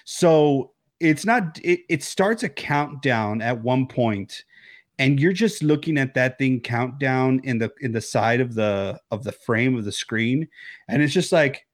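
With a medium pitch and a slightly slow pace, this man co-hosts a film podcast from his home over a remote connection. In casual chat about movies, he tells the story with lively acted-out reactions and plenty of swearing.

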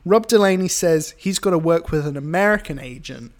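A British man rambling through a movie recap on a podcast, full of uhs and asides. His voice sits a touch high for a man. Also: expressive, fairly quick. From Britain. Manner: rambling, filler-heavy, giggly. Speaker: podcast host. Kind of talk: casual movie recap chat.

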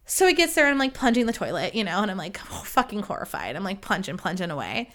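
A woman's voice: mid-range voice, big pitch swings, quick pace, fairly bright tone. A woman hosting a podcast, telling a story in a rambling, profane, self-deprecating casual chat. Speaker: podcast host.

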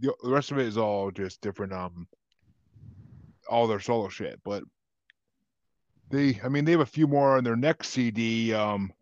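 A man's voice: mid-range voice, moderate pace, long pauses, no echo. A man hosting a podcast, chatting casually about albums with lots of detail and swearing. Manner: chatty, profane, detail-heavy music talk. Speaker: podcast host. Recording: dull lo-fi sound.

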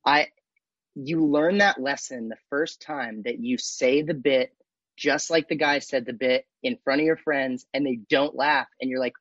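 A man's voice: mid-range voice, fairly even intonation, a little slow, a bit bright, no room sound. A man in a casual podcast chat, a comedian who tells stories animatedly and acts out little voices. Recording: dull dry lo-fi mic.

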